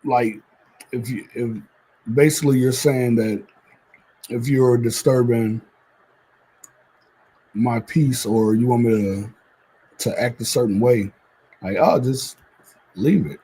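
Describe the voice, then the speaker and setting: Husky guy on a couples podcast, kinda halting, trying to explain his side. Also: mid-range voice, steady tone, low-quality recording. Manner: halting, hesitant, soft-spoken. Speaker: podcast co-host. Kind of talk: casual couple chat.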